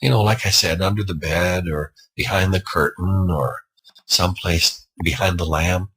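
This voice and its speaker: Man, low and very raspy, lively intonation, rambling casual storyteller. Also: moderate pace, low-quality recording. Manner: rambling, conversational, with asides. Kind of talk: improvised spooky storytelling.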